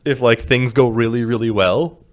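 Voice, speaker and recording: A man's voice: medium pitch, normal speed. A man in casual podcast chat, rambling through an explanation with frequent restarts and laughs. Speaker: podcast co-host.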